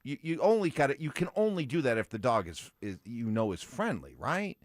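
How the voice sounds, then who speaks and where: A man's voice: medium pitch, brisk, dry recording, clean studio sound. A man hosting a morning sports radio show, reading game results and chatting with co-hosts. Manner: animated, reads sports news updates. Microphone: studio microphone.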